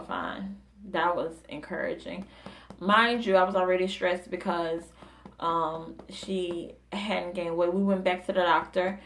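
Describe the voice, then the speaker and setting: A young woman, a new mother, telling a personal story in a chatty way with many fillers and restarts. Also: lowish voice.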